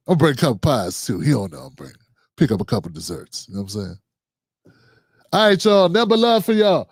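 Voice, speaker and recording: A man's voice: medium pitch, sing-song, fairly quick, gravelly, husky, no room sound, studio quality. A man hosting a livestream show, reading out viewer comments and signing off in a loose, slangy, chatty way. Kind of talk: casual sign-off and comment shout-outs.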